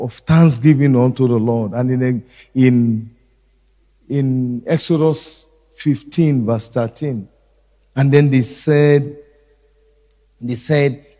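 A middle-aged male pastor preaching a sermon slowly and deliberately, repeating key phrases. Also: medium pitch, dark tone, long reverb tail.

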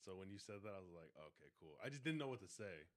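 A man chatting casually on a podcast, laid-back and quick to laugh. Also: on the low side, animated. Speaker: podcast co-host. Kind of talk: casual chat.

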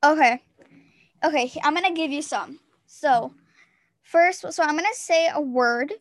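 High-voiced giggly woman podcast host. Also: dry recording, clean studio sound. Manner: giggly, quick bursts of excited chatter. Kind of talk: casual chat. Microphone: Zoom call.

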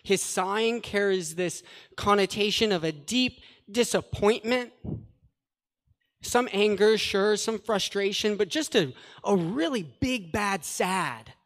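A man's voice: high voice, takes it slowly, a bit bright. A man preaching a sermon, earnest and conversational, adding plain paraphrases and asides to the scripture he reads. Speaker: pastor. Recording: long hall reverb.

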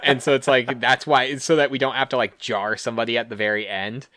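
A man co-hosting a podcast, brainstorming in casual chat, often halting as he searches for words. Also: medium pitch, steady tone, bright, forceful tone, dry recording. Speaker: podcast co-host.

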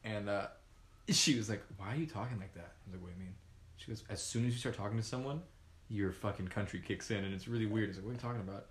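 A man with Southern family roots chatting casually, throwing in quick teasing jokes and playful Southern impressions. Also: fairly low pitch, echoey room. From Southern United States. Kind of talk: casual chat.

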